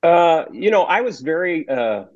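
A man's voice: fairly high pitch, very animated, darkish tone, dry recording. Plainspoken older man, muffled audio. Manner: measured, plainspoken, halting with fillers. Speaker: guest, retired federal agent. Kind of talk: conversational interview.

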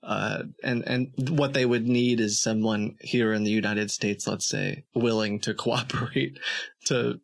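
A man guesting on a casual podcast, explaining things in a measured way with frequent pauses. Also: lowish voice, fairly even intonation, gravelly.

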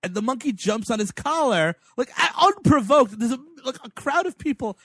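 A man's voice: extremely high pitch, lively intonation, moderate pace, pushed and bright, no room sound. A man co-hosting a comedy podcast, riffing on a movie in casual chat and laughing often. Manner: laughs often, riffs into silly bits. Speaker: podcast co-host.

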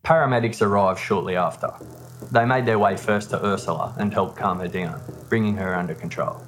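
A man hosting a podcast, telling a true-crime story in a steady, measured scripted narration. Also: lowish voice. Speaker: podcast host. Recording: narration over background music. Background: music.

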